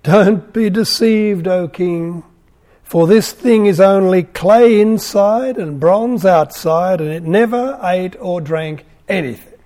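A calm, wry young prophet, voiced by a man reading aloud. He speaks slowly and deliberately, in a high, mellow voice. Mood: measured.

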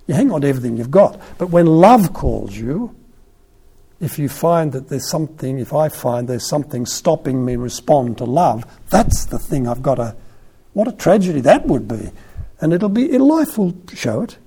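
A man giving a conversational sermon, retelling a Gospel story in an animated, storytelling way. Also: fairly high pitch, normal speed, vocal fry, husky.

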